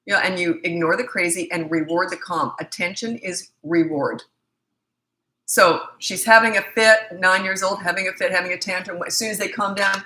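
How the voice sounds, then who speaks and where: A woman's voice: fairly low pitch, normal speed, pushed and bright. A middle-aged woman parenting coach answering viewer questions in a live Q&A, blunt, confident and emphatic. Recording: echoey room.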